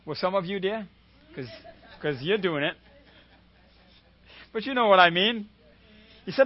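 A man's voice: high-pitched, unhurried, pauses often, no room sound, dull audio. A man preaching a sermon as a guest preacher, retelling a story and often asking the congregation "amen?".

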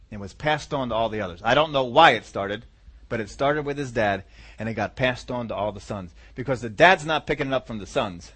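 Animated man teaching a Bible lesson. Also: a little high, breathy edge. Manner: lively, acts out characters, drops to soft asides.

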